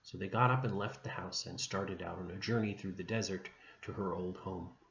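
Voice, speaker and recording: A man with a lowish voice tells a saint's story to a class in a gentle, unhurried way. The recording is dull and muffled, echoing in a room with a faint hum behind him. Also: steady tone, vocal fry. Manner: gentle, unhurried retelling with small restarts. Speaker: religion teacher.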